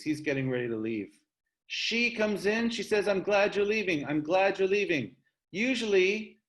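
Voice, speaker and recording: Upbeat man teaching an online class. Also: a little high. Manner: upbeat, coaxing students to read. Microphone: video call.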